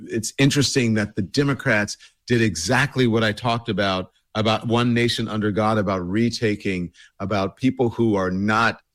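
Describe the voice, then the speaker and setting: Man, low voice, scratchy throat, rambling casual host talk, dry close sound. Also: fairly even intonation, normal speed, no echo. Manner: loose and rambling, many fillers. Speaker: show host. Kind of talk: casual address to a livestream audience.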